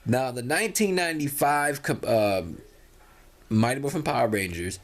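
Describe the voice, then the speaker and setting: A man's voice: medium pitch, lively intonation, moderate pace. A tired man talking casually to his viewers, rambling with many restarts and fillers. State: tired, yawning. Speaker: vlogger. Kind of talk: casual talk to camera.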